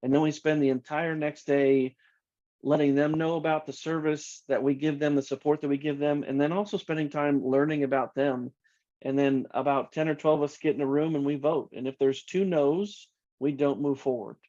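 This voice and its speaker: A man answering interview questions as a company executive, earnest and measured, often repeating his first words. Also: a little high, fairly even intonation, mellow. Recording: dull lo-fi audio.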